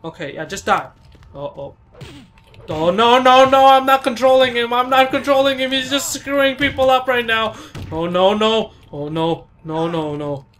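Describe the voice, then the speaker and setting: A man commentates his own gameplay in a voice that sits high and sounds bright and edgy. He is jumpy, often yelping in alarm and swearing at what happens on screen. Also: moderate pace, slight background noise. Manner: jumpy, cries out in panic, curses at the game. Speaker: let's play commentator.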